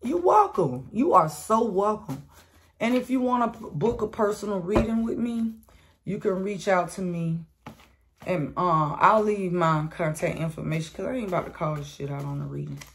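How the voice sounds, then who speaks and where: A woman's voice: fairly low pitch, fairly even intonation, normal speed. Blunt, profane woman reading tarot. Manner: blunt, profane, streetwise slang; addresses listeners as sweetheart. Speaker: tarot reader. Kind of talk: casual collective tarot reading.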